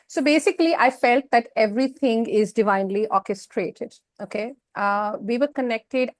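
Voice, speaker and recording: A woman speaking as an interview guest, telling a personal story in a frank, emotional, expressive way. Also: medium pitch, measured pace, vocal fry, no room sound.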